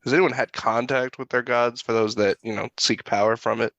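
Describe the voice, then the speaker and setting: A man's voice: medium pitch, steady tone, fairly quick, a bit bright, lo-fi sound, a little hiss or hum. A man playing a tabletop game, asking blunt questions in a casual way and swearing. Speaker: player. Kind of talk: casual chat at a gaming table.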